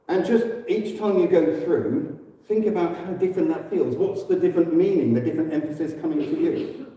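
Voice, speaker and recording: A man with an English accent giving a relaxed, conversational teaching talk in church, with fillers and quick self-corrections. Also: fairly high pitch. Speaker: church speaker. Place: church hall. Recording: echoey hall, distant mic.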